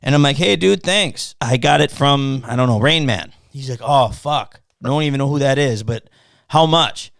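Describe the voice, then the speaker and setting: In casual podcast chat, the host tells a story in a gravelly mid-range voice at a moderate pace, cursing often and playing both parties in an argument with animated quoted exchanges. Clean studio sound, no room sound.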